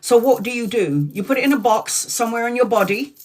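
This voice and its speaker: A woman's voice: a little high, a little fast, darkish tone. A woman in her forties hosts a casual tarot live stream. She talks frankly and chattily, drops swear words without a second thought, and keeps calling out her viewers by name. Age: 40s.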